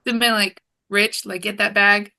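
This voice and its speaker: A woman's voice: medium pitch, level tone, normal speed, gravelly, bright, forceful tone. A woman on a casual trivia podcast, eagerly throwing out guesses. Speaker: panelist. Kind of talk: casual chat.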